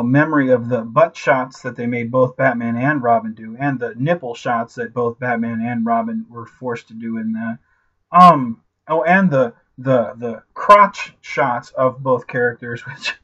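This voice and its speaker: A man in his thirties rants through a casual movie review, swearing freely and filling every pause with "like" and "you know". His voice sits at an ordinary middle pitch. The audio is slightly dull and lo-fi. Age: 30s. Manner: animated, profane, full of "like" and "you know".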